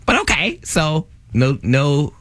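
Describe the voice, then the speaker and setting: A man's voice: fairly high pitch, wildly swooping pitch, slow, fairly bright tone. A man co-hosting a podcast in casual chat, throwing in wry, teasing remarks. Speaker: podcast co-host.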